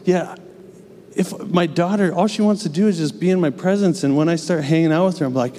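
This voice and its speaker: A man's voice: fairly high pitch, brisk, warm tone, a little hiss or hum. A young adult man preaching a sermon in a church, earnest and conversational, with casual asides. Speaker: pastor. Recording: long church reverb.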